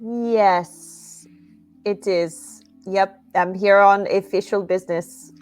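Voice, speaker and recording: A woman's voice: medium pitch, fairly even intonation, slow, smooth, soft background music. A woman player in a tabletop game, speaking in character, hesitant with many ums.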